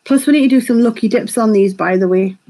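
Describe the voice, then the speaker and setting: Lady doing a live makeup stream, fast and chatty, voice sits a bit high. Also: dark tone, poor audio. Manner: chatty, quick, reads viewer comments aloud. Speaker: beauty vlogger hosting a live stream. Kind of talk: casual live makeup tutorial chat.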